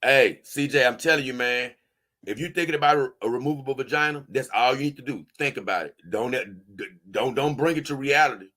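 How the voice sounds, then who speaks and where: A man with a bright, forward voice at an ordinary pitch, chatting to his viewers in a loose vlog. He talks emphatically, repeats himself for effect, uses plenty of slang and often restarts his sentences. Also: fairly quick. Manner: emphatic and repetitive, slangy and informal; trips over his words, frequent restarts. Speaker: doll-collecting vlogger. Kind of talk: casual vlog chat, answering viewer comments.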